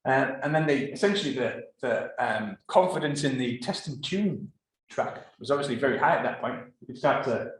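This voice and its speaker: A man's voice: mid-range voice, fairly bright tone. A man telling a work story to a live audience in a rambling way, full of fillers and restarts. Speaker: conference speaker. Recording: very echoey room.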